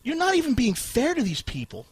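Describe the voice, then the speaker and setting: A man hosting a podcast, ranting furiously and swearing, with shouted bursts. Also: extremely high pitch, wildly swooping pitch, fairly quick, breathy edge. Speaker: podcast host. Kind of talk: profane ranting podcast talk.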